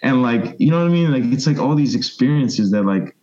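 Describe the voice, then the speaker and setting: A man in his thirties, a guest telling long, animated stories and acting out other people's voices. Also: medium pitch, fairly quick, highs cut off. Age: 30s. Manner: rambling, animated storyteller, mimics voices. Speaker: interview guest. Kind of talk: casual storytelling interview.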